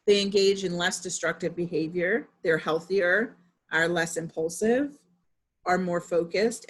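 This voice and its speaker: Her voice is fairly low and slightly rough. A mother in her thirties, she chats her way through a relaxed talk for other parents, leaning on fillers and plenty of examples from her own life.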